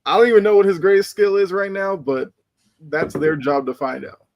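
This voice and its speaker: Man, slightly high voice, analytical panelist walking through a play. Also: a little fast, darkish tone. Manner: thoughtful, analytical. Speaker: podcast panelist. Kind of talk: casual sports talk.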